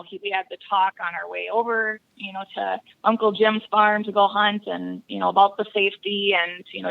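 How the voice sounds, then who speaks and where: A woman's voice: mid-range voice, gravelly, phone-quality sound. A woman from Wisconsin, a podcast guest telling hunting stories in a casual interview, laughing often. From Buffalo County, Wisconsin. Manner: laughs often, lively storyteller.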